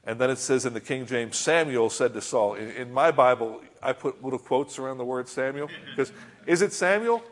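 A man with a medium-pitched voice preaches a sermon at a fairly quick, conversational pace. He reads scripture aloud, comments on it, and keeps putting rhetorical questions to his listeners.

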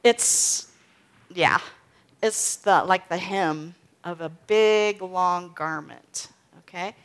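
A woman's voice: on the low side, drawn-out words, a bit bright. A woman teaching from the Bible in a casual way, often checking in with "okay?" and "right?". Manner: reads scripture aloud with emphasis, then explains casually with "okay?" and "right?".

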